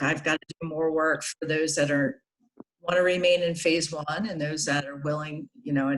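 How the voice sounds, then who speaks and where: A woman's voice: deep voice, a bit bright. A woman youth soccer coach chatting on a video call, rambling with frequent restarts and laughing as she talks. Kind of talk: casual video call meeting.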